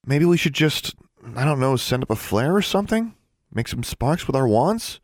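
A woman's voice: a bass voice, very animated, moderate pace, a little mellow, dry recording, clean studio sound, pitched above the performer's own voice. A man voicing a curious, eager young witch girl who keeps asking questions.

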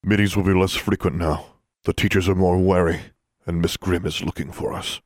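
A man's voice: sits low, fairly even intonation, normal speed, dry recording, clean studio sound, close to an everyday voice. A man reading an audiobook voices a cold, commanding older student who leads a secret society, speaking with contempt. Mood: contemptuous.

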